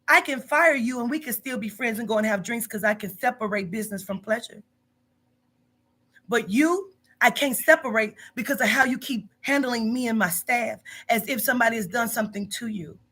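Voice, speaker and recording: A woman's voice: fairly high pitch, moderate pace, pushed and bright. A woman who runs a psychic reading business, confronting a staff member in a profane, emphatic monologue full of repetition.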